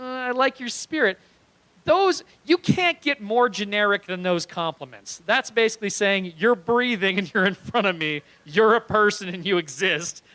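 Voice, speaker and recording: A man's voice: high voice, pushed and bright, no room sound, poor audio. A young man doing stand-up comedy on a small club stage, telling a rambling story animatedly and laughing at his own lines.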